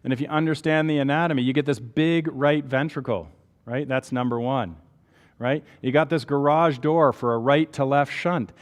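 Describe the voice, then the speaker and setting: A man's voice: medium pitch, normal speed, long reverb tail. A man with a Canadian accent giving a conversational medical lecture, explaining step by step and checking in with rhetorical questions.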